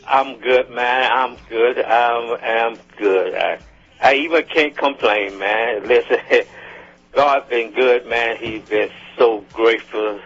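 Husky dude on church radio, repeats himself a lot, muffled broadcast. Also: male voice, medium pitch, steady tone, slow. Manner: warm churchy affirmations, repeats phrases. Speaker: guest co-host. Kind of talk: casual radio chat.

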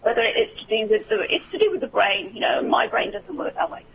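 A woman's voice: a little high, sing-song, brisk, creaky, lo-fi sound, background noise. A woman with an English accent, an actor chatting casually in an interview, with lots of ums and restarts. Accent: generic English. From England. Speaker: actor guest.

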